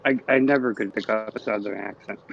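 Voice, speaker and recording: A man's voice: lowish voice, normal speed, gravelly, a little hiss or hum. Friendly man on a muffled call. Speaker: stream participant. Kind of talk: casual chat.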